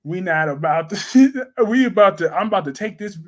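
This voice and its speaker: A young man hosting a casual soap opera live stream, chatting and laughing as he reads viewer comments in a slangy, animated way. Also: sits high, moderate pace. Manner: animated, laughing, slangy, reacts loudly to chat.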